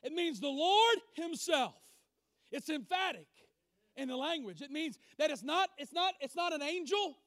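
A man preaching a sermon, emphatic, swinging from loud declarations to quiet asides. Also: very high voice, lively intonation, moderate pace, dry recording, clean studio sound.

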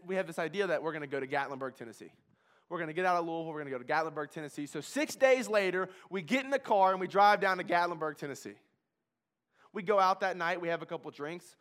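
High-voiced man giving an emphatic testimony. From Kentucky. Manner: emphatic, repetitive, swings from hushed to loud. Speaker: speaker sharing a recovery testimony. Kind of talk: personal testimony talk.

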